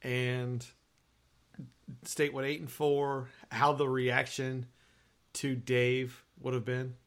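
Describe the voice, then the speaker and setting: A man's voice: mid-range voice, monotone, takes it slowly. A man co-hosting a sports podcast, asking earnest questions in casual chat. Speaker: podcast co-host.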